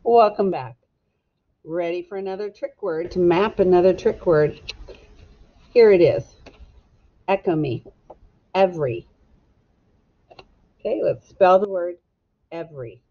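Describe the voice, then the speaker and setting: A woman teacher giving a recorded phonics lesson to children, slowly sounding out letters and words in a clear, encouraging way. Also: fairly low pitch, highs cut off.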